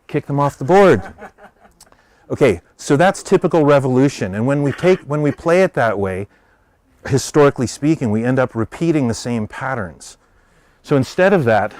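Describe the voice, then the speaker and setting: American guy giving a talk, animated storyteller, dry sound, mid voice. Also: medium pitch, dry recording. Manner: animated storyteller, voicing characters in quotes. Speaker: speaker. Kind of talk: public talk.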